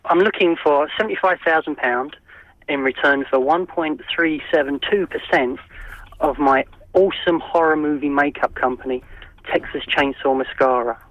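A man's voice: a little high, normal speed, dry recording. A man calling in to a radio show on the phone, cheerful and playing along. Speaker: caller. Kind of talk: phone-in call. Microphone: telephone. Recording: dull phone line.

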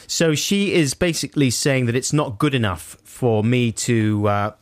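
A man's voice: medium pitch, unhurried, no room sound. A man co-hosting a radio show, chatting in an amused way and trailing off mid-thought. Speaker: radio co-host. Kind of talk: casual radio chat. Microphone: studio mic.

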